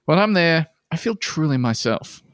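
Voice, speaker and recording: A man's voice: on the high side, big pitch swings, moderate pace, a bit bright, dry recording, studio quality. A man co-hosting a comedy podcast, reading a listener post aloud and mocking it with plenty of swearing. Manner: sarcastic, mocking, swears a lot.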